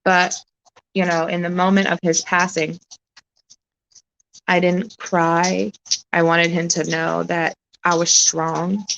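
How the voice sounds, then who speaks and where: A woman chatting on a live stream, close to tears, halting and emotional, swearing often as she talks. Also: on the low side, little pitch movement, creaky, fairly bright tone, slight background noise, poor audio. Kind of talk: casual live-stream chat.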